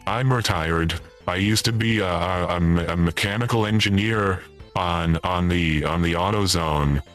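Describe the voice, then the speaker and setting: In a comedic livestream, a man stays in character as a forgetful old retiree who wanders off topic, pauses, and says things twice. His voice is low-pitched and fairly bright, portraying an older speaker.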